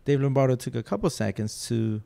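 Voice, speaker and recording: A man's voice: medium pitch, a little fast, creaky, mellow. A man, a guest on a podcast, telling rambling, joking stories in casual chat with lots of fillers and restarts. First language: Spanish. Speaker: podcast guest, rock photographer and interviewer.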